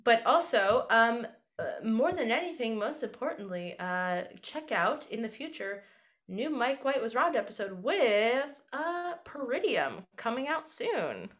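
A woman guest on a podcast, chatting casually in a rambling, self-mocking way with many pauses. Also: a little high, big pitch swings, a bit bright. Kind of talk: casual chat.

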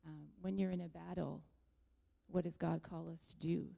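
A woman gives a reflective, encouraging testimony to a church group. Her voice is low and gravelly with a dark, mellow tone. The long reverb of a large hall hangs around her words. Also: flat delivery, moderate pace.

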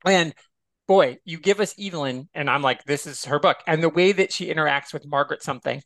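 A man's voice: fairly high pitch, a little fast, fairly bright tone, no room sound. A man guesting on a podcast, chatting casually and expressively and swearing freely. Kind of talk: casual chat.

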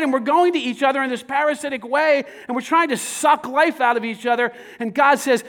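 High-voiced man preaching with dynamic swings. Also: normal speed, gravelly, few pauses, a bit bright. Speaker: pastor. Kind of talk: sermon.

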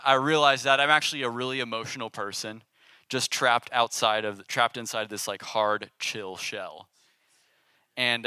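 A young man giving a casual, animated sermon to a youth group, with call-and-response. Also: mid-range voice, smooth, no room sound. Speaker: youth pastor.

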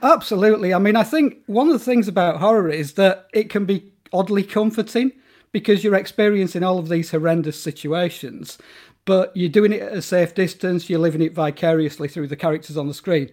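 A man's voice: high voice, fairly quick, a little mellow. A man talking as a guest in a casual interview about horror films, enthusiastic and rambling, with plenty of fillers and restarts.

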